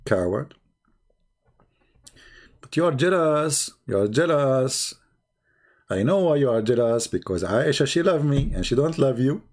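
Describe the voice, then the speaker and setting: A man's voice: mid-range voice, lively intonation, measured pace, pauses often, darkish tone. Man taunting a viewer on a livestream. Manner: mocking, taunting, argumentative; rhetorical questions, repetitive. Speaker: online debate host. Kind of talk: livestream commentary addressing viewers.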